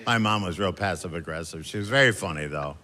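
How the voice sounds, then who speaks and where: A man performing a stand-up routine with wry, deadpan family stories and lively mimicry of his relatives. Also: sits low, fast. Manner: wry, deadpan storytelling that jumps into family voices. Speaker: stand-up comedian. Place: large theater stage with a laughing audience. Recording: long hall reverb, clear audience noise.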